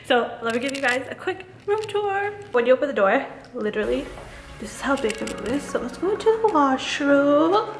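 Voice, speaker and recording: Young woman, high voice, giggly and gushing, echoey hotel room, faint music behind. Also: sing-song, fairly quick. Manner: gushing, giggly, says literally and like often. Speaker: beauty vlogger. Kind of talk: casual vlog chat.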